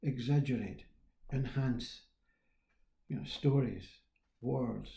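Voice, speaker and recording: A man giving a reflective spiritual talk, musing in an unhurried way, trailing off and restarting, with quiet chuckles. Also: mid-range voice, vocal fry, roomy sound. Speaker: spiritual teacher.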